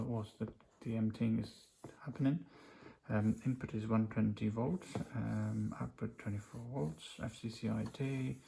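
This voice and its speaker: A man's voice: lowish voice, creaky. A man casually unboxing a gadget, rambling with many fillers as he reads the specs off the box aloud. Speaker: unboxing vlogger. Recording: noisy home recording.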